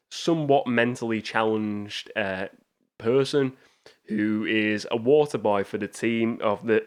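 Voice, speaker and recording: A man hosting a casual film review show, talking enthusiastically with frequent restarts and rambling asides. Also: on the low side. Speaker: movie show host.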